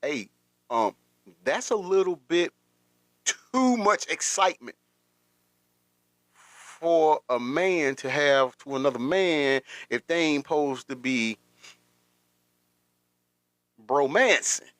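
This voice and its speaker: A man's voice: on the high side, animated, slow pace, long pauses, fairly bright tone, no echo, clean studio sound. A man hosting a casual livestream, rambling through commentary with repeated words and frequent laughter. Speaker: livestream host.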